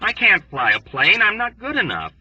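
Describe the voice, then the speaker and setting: A man voicing a hotheaded young airman who talks in a rough, quavering, overwrought and pugnacious way. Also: high voice, wildly swooping pitch, moderate pace, sharp tone, dry recording, distant mic, muffled recording, voice pushed up, heavily acted. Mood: agitated. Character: frantic sneezing young male airman, hotheaded. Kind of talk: audiobook character voice.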